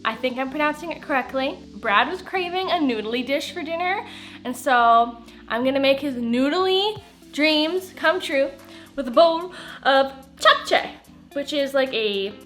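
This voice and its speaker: A woman's voice: high voice, lively intonation, normal speed, a bit bright, faint music behind. A woman chatting casually in a home cooking vlog, bubbly and gushing over her meals. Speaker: food vlogger.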